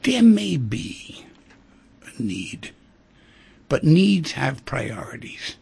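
Gravelly, husky radio host man. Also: mid-range voice, huge pitch swings, extremely slow, darkish tone. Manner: musing, rhythmic, drops to near-whispers. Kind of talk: casual talk radio chat.

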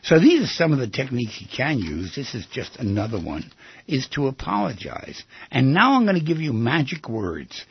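An older man hosting a radio advice show, talking in an animated way and acting out little scenes in other voices. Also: medium pitch, normal speed, vocal fry, husky, dry recording, lo-fi sound.

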